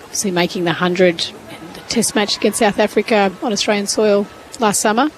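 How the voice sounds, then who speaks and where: A woman's voice: mid-range voice, a little fast, a little hiss or hum, poor audio. A woman giving thoughtful, analytical cricket commentary from a ground's commentary box.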